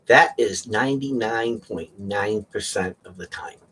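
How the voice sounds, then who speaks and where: This middle-aged auction-stream host speaks unhurriedly in a slightly rough, fairly bright voice on the low side. He rambles casually through joking stories and laughs often.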